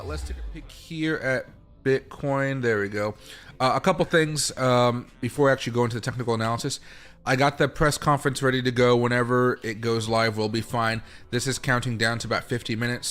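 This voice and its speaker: A man with a medium-pitched, slightly bright voice hosts a casual livestream. He chats loosely, greets viewers by name, and talks to his dog between remarks.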